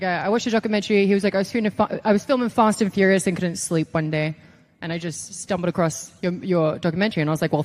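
Animated woman telling a wild story. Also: mid-range voice. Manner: animated storyteller, acts out quotes, swears, laughs often. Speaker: podcast guest, pro wrestler. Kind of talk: casual chat, storytelling.

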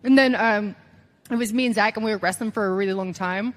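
A young English woman tells stories to an interviewer in a loose, chatty way. She laughs often, swears freely and fills her sentences with "like" at a pitch typical for a woman. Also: fast, big-room sound. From England. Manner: animated, laughing, swearing, lots of fillers. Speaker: guest. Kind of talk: casual storytelling interview.

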